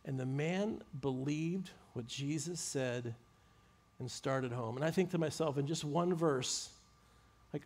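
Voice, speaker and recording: A man preaching a sermon, retelling scripture with animated, emphatic storytelling. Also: on the high side, measured pace.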